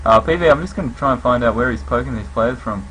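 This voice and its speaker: A man giving live play-by-play commentary on a game match, calling action in quick bursts that jump up on big plays. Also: medium pitch, a little hiss or hum, low-quality recording. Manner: rapid calls with bursts of excitement on kills. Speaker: esports commentator.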